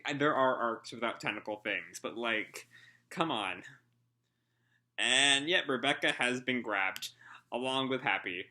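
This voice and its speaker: A man reads a manga chapter aloud and rambles his way through commentary, full of ums and uhs and the odd casual swear. His voice is bright and forward at an ordinary male pitch. He often laughs along at what he reads. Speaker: manga reaction host. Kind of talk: casual live reading and commentary.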